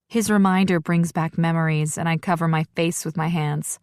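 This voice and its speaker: Casting: female romance audiobook narrator, lowish voice, dry close sound, first-person and reflective. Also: fairly even intonation, moderate pace, few pauses, a little mellow, clean tone, no echo.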